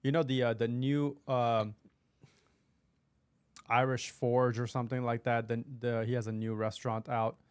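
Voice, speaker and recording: A man's voice: medium pitch, little pitch movement, moderate pace, pauses often, darkish tone, clear, resonant tone, dry recording. A man co-hosting a casual podcast, talking loosely with many fillers and laughs into a close microphone. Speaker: podcast co-host.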